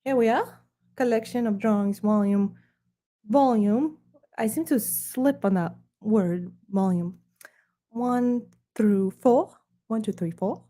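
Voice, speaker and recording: A woman from Ukraine hosts a mock-snobbish book preview in a put-on British accent, in a slow, unhurried cadence. Her voice sits a little high yet sounds mellow and soft. Her delivery stays dry and sarcastic. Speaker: host reviewing her art books.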